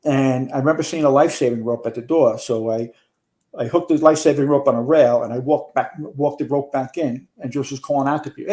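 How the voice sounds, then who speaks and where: A man's voice: mid-range voice, steady tone, fast talker, warm tone. A man, a retired fire chief telling a long story in a casual interview, rambling with restarts and some swearing. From New York.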